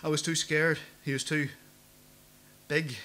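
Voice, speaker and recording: A man's voice: fairly high pitch, level tone, a little slow, pushed and bright, voice pushed up. A man voicing a broken, exhausted middle-aged man who pleads tearfully in an audiobook reading. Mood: despairing.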